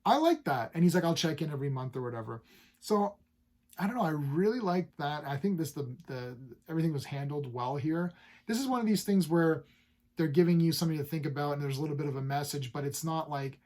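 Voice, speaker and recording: A man's voice: fairly high pitch, brisk, a little mellow. Rambling, upbeat male comic book reviewer. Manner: rambling, lots of fillers and restarts; enthusiastic, paraphrases characters loosely. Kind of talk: casual comic review chat.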